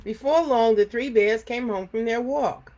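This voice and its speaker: A woman reading a children's storybook aloud, expressive, with little sound effects. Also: fairly high pitch, a little slow, slight background noise.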